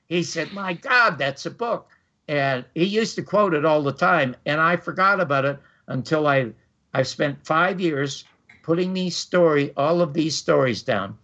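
A man's voice: on the high side, measured pace, fairly bright tone. An older man hosting a talk show, telling a long personal story with energy and acting out the quoted voices. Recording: dull lo-fi audio.

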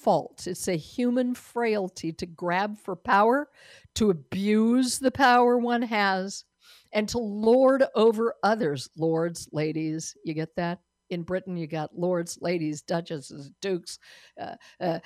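A woman's voice: a little high, dry recording, clean studio sound. A woman hosting a talk show, giving sardonic, opinionated commentary and laughing at her own jokes.

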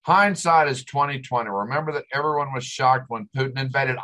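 A man's voice: fairly high pitch, a little fast, few pauses, sharp tone, rough recording. An older man hosting a talk show, ranting with exasperation and sarcasm. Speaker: host. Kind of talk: ranting commentary.

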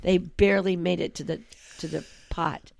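A woman co-host with a low, gravelly voice who chimes in with quick, wry remarks. The recording is close and dry. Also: fairly even intonation, a little mellow, no room sound. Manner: supportive listener, quick wry asides. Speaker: radio show co-host. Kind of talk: casual comedic chat.

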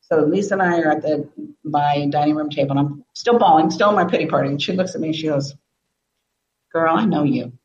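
Middle-aged woman, expressive storyteller, lower voice, roomy echo. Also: fast talker, lo-fi sound. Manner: animated, laughs often, acts out quotes. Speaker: guest, business coach. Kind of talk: emotional storytelling interview.

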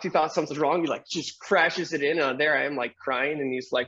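A middle-aged man, a guest on an interview show, telling a personal story in a lively way, acting out the voices of people in it and laughing often. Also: on the high side, normal speed, dull audio.

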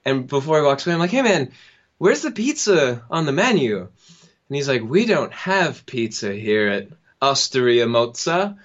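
A young man telling a funny personal story on a podcast, acting out the people in it and laughing now and then. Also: mid-range voice. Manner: animated, acts out the people in his story with quick laughs. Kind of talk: casual storytelling. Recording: dull lo-fi sound.

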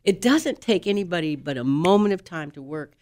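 A woman guest on a talk show, a leadership coach explaining communication styles in an animated, teaching manner. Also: lowish voice, a little fast.

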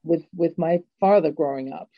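A woman's voice: low voice, normal speed, gravelly, no room sound. A middle-aged English woman hosting an interview, telling a personal story in a reflective way. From England. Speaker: host. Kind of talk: interview conversation. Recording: dull lo-fi dry sound.

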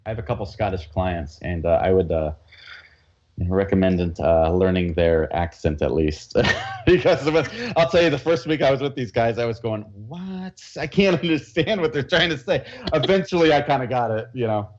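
A man who works as a coach, chatting as a guest in a relaxed, easygoing way with frequent fillers and laughs. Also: fairly low pitch, normal speed, muffled recording. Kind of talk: casual interview chat.

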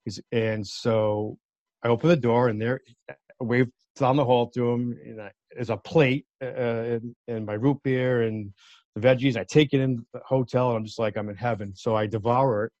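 A man's voice: medium pitch, normal speed, dry recording. Man telling a story, muffled dry sound. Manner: animated, acts out quoted voices. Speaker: guest. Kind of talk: casual storytelling.

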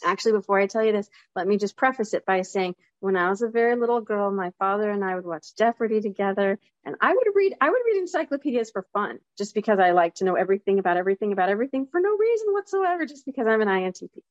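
A woman hosting her own show, telling a personal story in a casual, animated monologue that leaps up in pitch. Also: fast, hardly any pauses, no room sound, lo-fi sound. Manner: animated storytelling with sudden high jumps. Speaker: show host.

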